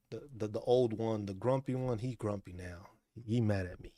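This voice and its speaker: A man's voice: fairly low pitch, moderate pace, few pauses, mellow, dry recording, studio quality. A man hosting a casual chat stream, talking in a laid-back, profane way and laughing often. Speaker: streamer host.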